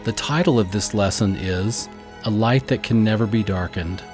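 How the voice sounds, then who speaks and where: A man's voice: fairly low pitch, darkish tone, soft background music. Eager man teaching a scripture lesson. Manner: eager, deliberate, spells out pronunciations. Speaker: podcast co-host teaching scripture.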